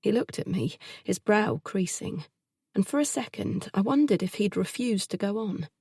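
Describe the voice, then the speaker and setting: Brief: woman, first-person audiobook narrator, dark mellow tone, measured intimate delivery. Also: mid-range voice, lively intonation, gravelly, husky, no room sound, studio quality.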